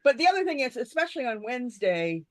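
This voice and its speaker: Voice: medium pitch, sing-song, fast talker, no room sound, clean studio sound. A speaker in a casual group podcast, friendly and offering tips. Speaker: podcast regular.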